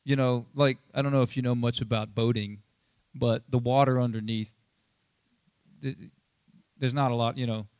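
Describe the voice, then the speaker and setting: A pastor giving a casual, conversational sermon, chatty and animated, acting out Bible scenes in quick asides. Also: male voice, medium pitch, no room sound, clean studio sound. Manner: chatty, animated, acts out Bible quotes, many fillers.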